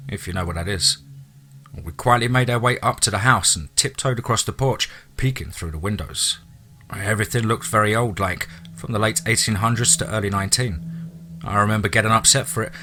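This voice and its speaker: A man narrating a listener's true ghost story in a dramatic storytelling manner, dropping into low asides. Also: pushed and bright.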